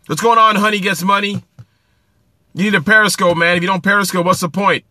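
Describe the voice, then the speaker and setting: A man's voice: sits high, fairly even intonation, brisk, sharp tone, no room sound. A man from New Jersey hosting a casual phone livestream, greeting viewers by name in an upbeat, coaching way. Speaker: livestream host.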